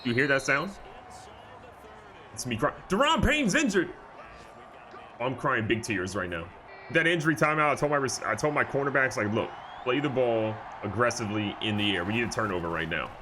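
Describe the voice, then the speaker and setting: A man giving excitable, jokey live commentary over a football video game, moving from calm play calling to loud outbursts. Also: mid-range voice, a little fast, slight background noise. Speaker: gaming YouTuber.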